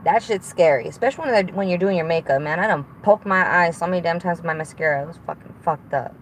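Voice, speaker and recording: A woman's voice: lowish voice, fast talker, poor audio. A young woman chatting casually on a live stream while she drives, swearing freely, rambling and laughing often. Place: in a car while driving. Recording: loud road noise in a moving car.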